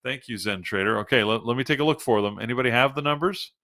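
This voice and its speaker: A man's voice: mid-range voice, fast, bright, forceful tone. A man hosting a live trading show, chatting casually through pre-market stock picks while reading news on the fly.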